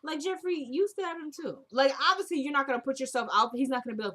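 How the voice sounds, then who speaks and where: A woman casually recapping a TV drama episode, retelling scenes by quoting the characters in a soft murmur. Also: high-pitched, animated, quick pace, few pauses. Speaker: TV recap vlogger.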